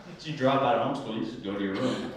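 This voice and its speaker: A young man doing a stand-up set on a comedy club stage, with deadpan, self-deprecating asides. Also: medium pitch, quick pace, far from the mic. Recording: noisy, very echoey club from afar.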